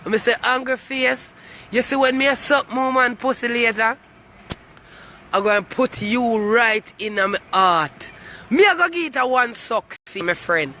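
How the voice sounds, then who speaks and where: Brief: Jamaican man, very high bright voice, swaggering, crude, taunting his online critics. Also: expressive, a little slow, a little hiss or hum. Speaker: comic vlogger. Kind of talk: boastful comic rant to camera.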